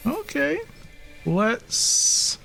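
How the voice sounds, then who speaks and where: A man's voice: very high-pitched, wildly swooping pitch, extremely slow, gravelly, pushed and bright, faint music behind. A man streaming a video game, chatting casually and reading its text aloud, joking at his own expense and swearing freely. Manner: joking, self-mocking, swears freely, laughs often.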